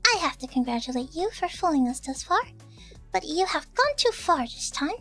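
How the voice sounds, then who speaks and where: A woman's voice: high-pitched, big pitch swings, normal speed, fairly bright tone, faint music behind. A woman voicing a stern young female student council officer from a game, scolding in a cold, formal way. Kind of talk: reading game dialogue aloud.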